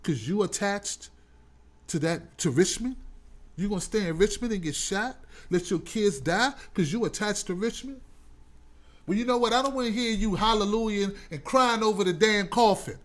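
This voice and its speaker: A man's voice: high voice, normal speed. A male talk show host giving emphatic, preachy commentary and speaking straight to his audience. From United States. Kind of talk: opinionated commentary.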